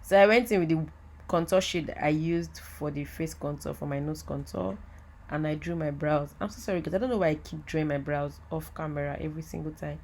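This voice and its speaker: A woman giving a chatty, excitable voiceover for a makeup tutorial, talking straight to her viewers. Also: low-pitched, brisk, a little hiss or hum. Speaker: makeup artist. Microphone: voiceover mic.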